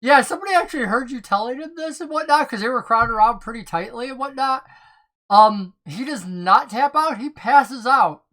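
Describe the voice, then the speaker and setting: A game master narrating a tabletop game, excitable and often laughing, with plenty of ums and whatnots. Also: mid-range voice, moderate pace.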